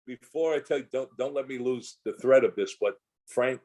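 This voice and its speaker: A man's voice: mid-range voice, moderate pace, a little mellow, rough recording. An older man, an actor guest in a casual interview, telling long rambling anecdotes full of restarts and asides.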